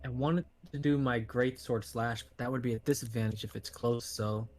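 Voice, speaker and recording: A man's voice: medium pitch, steady tone, moderate pace, darkish tone. A man playing a tabletop game who keeps asking to confirm the rules. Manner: checks rules with many questions. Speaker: player.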